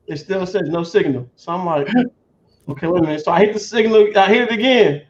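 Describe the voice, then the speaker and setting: A man hosting a casual livestream chat, telling an animated story and laughing a lot. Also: high voice, brisk. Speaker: host. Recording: dull lo-fi stream audio with faint noise.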